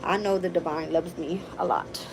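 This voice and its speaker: A woman hosting a casual tarot livestream late at night, talking bluntly and profanely in an animated storytelling way. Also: fairly low pitch, normal speed, background noise. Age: adult with a daughter. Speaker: tarot reader and channel host.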